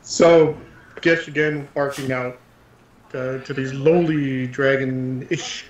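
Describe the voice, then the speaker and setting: Slow-talking player on a roomy line. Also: mid-range voice, fairly even intonation. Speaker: tabletop player. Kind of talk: casual game table talk. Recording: roomy, dull lo-fi sound with faint noise.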